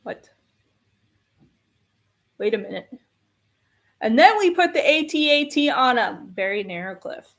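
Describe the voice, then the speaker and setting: A woman with a high voice rants through a film review, exasperated and given to repeating herself. She takes her time, drawing out each complaint in a slow, deliberate delivery. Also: sing-song, fairly bright tone.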